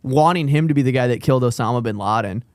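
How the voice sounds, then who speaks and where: Animated young man telling stories. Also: medium pitch, quick pace, no echo, clean studio sound. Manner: animated storytelling, swearing, laughing often. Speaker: podcast co-host. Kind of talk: casual chat.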